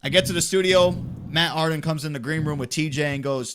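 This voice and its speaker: A young man with a brisk, higher-pitched voice, an esports play-by-play commentator, tells a story in casual podcast chat. He's animated and swears a lot.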